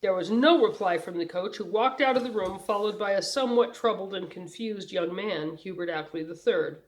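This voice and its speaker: A woman reading a novel aloud as a bedtime story narrator, measured and clear. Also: medium pitch, poor audio. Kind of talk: audiobook narration.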